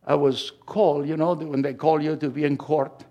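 A man preaching a sermon as pastor, swinging from quiet asides to loud, emphatic lines. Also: on the high side, level tone, normal speed, muffled recording.

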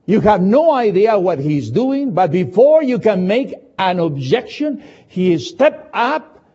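In this sermon, a native English-speaking man tells a story slowly and dramatically, his high, animated voice climbing and dropping. His timbre is dark and husky, with sudden shifts from loud to quiet, captured on a dull, lo-fi recording.

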